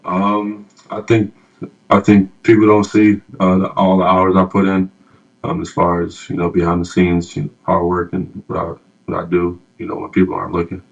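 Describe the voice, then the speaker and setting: A young man, a rookie athlete, giving soft-spoken interview answers full of fillers. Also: low voice, completely flat delivery, moderate pace, gravelly, muffled recording. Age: young adult.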